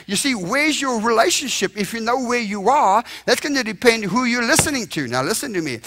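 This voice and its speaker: High-voiced, fiery male evangelist. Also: very animated, fairly quick, few pauses. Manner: impassioned, emphatic preaching with sudden loud bursts. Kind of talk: revival sermon. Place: church revival service.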